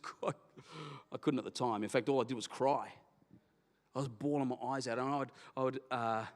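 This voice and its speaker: A man's voice: sits high, fairly bright tone. A man with an Australian accent preaching a sermon as a pastor, telling a candid personal story and acting out his own prayers. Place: church auditorium. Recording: long reverb of a church hall.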